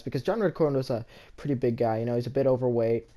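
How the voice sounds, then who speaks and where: A man casually telling a story from his school days, rambling, with many restarts, often in a soft, low-key voice. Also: quick pace.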